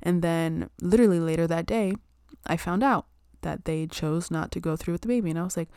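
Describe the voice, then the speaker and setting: A woman's voice: lowish voice, a little fast, darkish tone, clear, resonant tone, dry recording, clean studio sound. A young woman chatting casually about spirituality and self-care, full of "like" and "um" and casual swearing.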